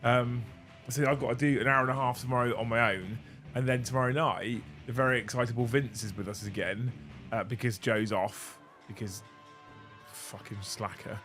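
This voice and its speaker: A middle-aged man hosts a relaxed livestream with a hoarse, worn voice. He chats loosely, swears casually and pokes fun at himself, over faint background music. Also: mid-range voice, normal speed. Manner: chatty, swears casually, self-mocking. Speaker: streamer host.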